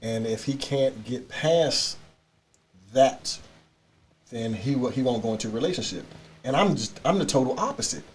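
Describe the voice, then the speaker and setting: A man's voice: medium pitch, expressive, moderate pace, long pauses. A middle-aged man in a casual podcast chat, telling stories and repeating words as he starts sentences. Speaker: podcast guest.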